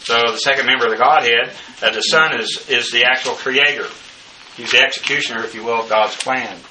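A man teaching a bible study lecture, working through numbered notes and pausing often on filler sounds. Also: mid-range voice, steady tone. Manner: halting, many filler uhs. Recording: distant mic with faint background noise.

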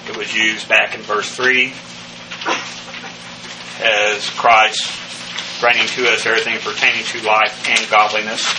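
A man's voice: on the low side, far from the mic, background noise. A man teaching a verse-by-verse Greek Bible lesson, methodical and full of "uh" fillers, spelling out Greek words letter by letter. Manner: frequent "uh" fillers and restarts. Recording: voice set back from the mic, faint ambience.

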